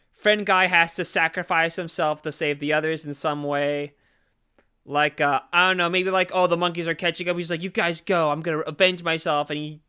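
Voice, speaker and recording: A man with a bright, crisp voice pitched a little high tells a movie's story in a loose, rambling way. He keeps throwing in fillers and quick acted-out lines for the characters. It has the relaxed feel of a podcast co-host recapping a film.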